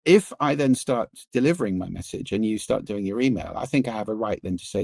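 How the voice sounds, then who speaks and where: Gravelly low-voiced man explaining. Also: fast talker, hardly any pauses, dry recording. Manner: animated, explanatory, varies pace and pitch for emphasis. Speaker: podcast guest, sound and listening expert. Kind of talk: interview conversation.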